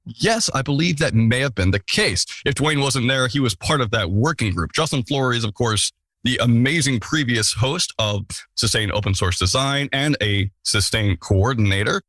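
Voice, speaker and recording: A man's voice: on the low side, normal speed, a bit bright, no echo. A man hosting a casual podcast, introducing the episode and guests with playful, self-mocking asides. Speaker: podcast host.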